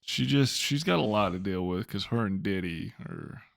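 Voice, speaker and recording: A man's voice: on the low side, lively intonation, normal speed, creaky, a bit bright, dry recording, clean studio sound. A man co-hosting a podcast in casual chat, blunt and exasperated as he rants. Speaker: podcast co-host.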